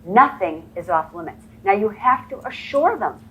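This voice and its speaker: A woman's voice: mid-range voice, expressive, moderate pace, bright, forceful tone, poor audio. A woman training real estate agents, telling stories and acting out the dialogue in a motivational presentation. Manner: storytelling, acts out quoted dialogue. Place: conference room before a live audience.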